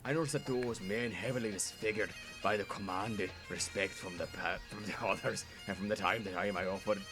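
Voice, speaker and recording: A man's voice: lowish voice, lightly acted. A man on an old stream clip, reading game text aloud in a put-on Scottish accent, stumbling over words, with game music playing. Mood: halting reading. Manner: halting, stumbling read-aloud.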